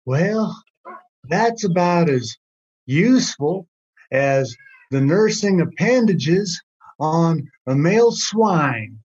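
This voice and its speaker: A man putting on the voice of a folksy old grandfather, drawing out each word slowly. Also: a little high, animated, darkish tone, slightly rough, distant mic, lo-fi sound, exaggerated voice. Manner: slow, drawn-out folksy delivery. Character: drawling old country grandfather.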